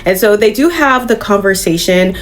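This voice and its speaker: A woman reviewing comics in a casual recap, animated and swearing freely. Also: medium pitch, moderate pace.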